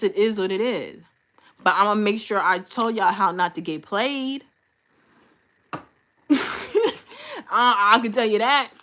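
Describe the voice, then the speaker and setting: Her voice medium-pitched, bright and forceful, a woman hosts a livestream with casual confidence. She speaks bluntly and slangily, talking right to her viewers and restating points to stress them.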